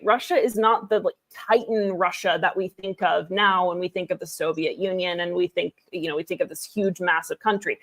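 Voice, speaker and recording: Chatty woman explaining history. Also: medium pitch. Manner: explanatory, chatty, with frequent restarts and asides. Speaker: podcast co-host explaining history. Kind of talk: casual history podcast chat.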